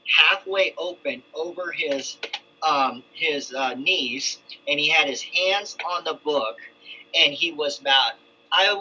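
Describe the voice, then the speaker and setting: A middle-aged man shares his testimony casually, his story looping through restarts and asides. He has a sharp, higher-pitched voice. The lo-fi sound is dull, with faint ambience and a little hiss or hum.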